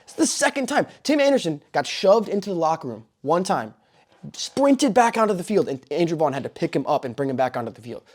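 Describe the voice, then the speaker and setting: A young man hosting a sports show, recapping a baseball brawl with excitable commentary and loud exclamations. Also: on the high side, fairly quick. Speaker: host.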